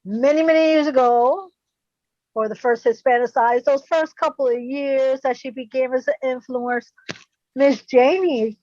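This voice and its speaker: A woman guest on a video call interview, warm and effusive, dropping in Spanish words. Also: high voice, dry recording, muffled recording. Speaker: guest influencer.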